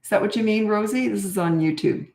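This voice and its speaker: Gravelly-voiced woman in her sixties. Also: mid-range voice, fast talker, a little mellow, reverberant. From Canada. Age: 60s. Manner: candid, chatty, self-deprecating. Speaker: parenting coach. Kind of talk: live Q&A chat.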